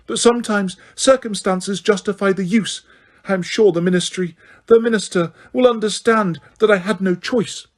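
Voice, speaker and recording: A cruel middle-aged witch official with a sugary, breathy voice, put on by a male audiobook narrator. She sounds eager and menacing, and the voice sits high above the reader's own with a lot of push behind it. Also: normal speed, close to an everyday voice.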